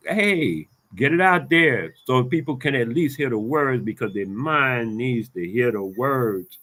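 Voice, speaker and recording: A man delivering an angry, profane monologue to his viewers, ranting emphatically, repeating himself and swinging between loud bursts and low muttering. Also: expressive, a little slow, hardly any pauses. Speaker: vlogger.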